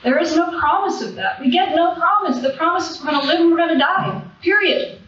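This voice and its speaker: A woman's voice: extremely high pitch, expressive, a little fast, fairly bright tone, slight background noise. A woman giving a raw, profane personal recovery testimony from a podium at a convention, with emotional swells in her voice. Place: large convention hall. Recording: echoey, distant, dull hall recording.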